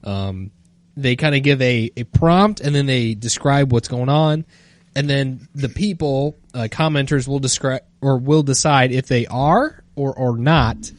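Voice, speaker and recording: An easygoing man on a comedy podcast, speaking at a middle pitch. He reads posts aloud and drops casual asides, recorded dry with no room sound. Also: unhurried, no echo. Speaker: podcast co-host.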